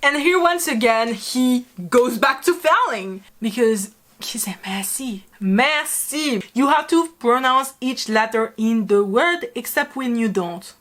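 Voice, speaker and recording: A woman from France speaks English with a French accent, in a rather high voice. She rants casually to camera, swearing freely and teasing, with her pitch leaping up whenever she gets worked up. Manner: animated, profane, teasing, jumps in pitch. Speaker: video creator. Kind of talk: casual reaction commentary.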